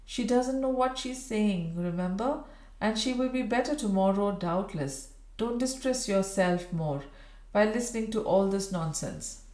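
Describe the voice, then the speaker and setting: A woman's voice: mid-range voice, a little slow, darkish tone, natural voice. A woman voicing a tearful young woman who pleads anxiously, in a roomy recording. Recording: roomy echo.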